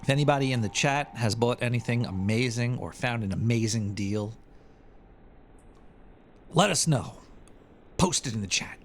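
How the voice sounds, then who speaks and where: A man's voice: medium pitch, animated, normal speed, long pauses, slight background noise. A man hosting a live show, chatting in a rambling, crude, irreverent way. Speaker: show host. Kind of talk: casual livestream chat.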